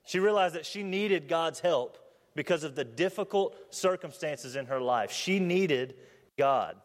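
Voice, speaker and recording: A man's voice: on the high side, animated, unhurried. A man in his twenties preaching a sermon, earnest, reading scripture aloud and asking the congregation questions. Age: 20s. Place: church building. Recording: long hall reverb.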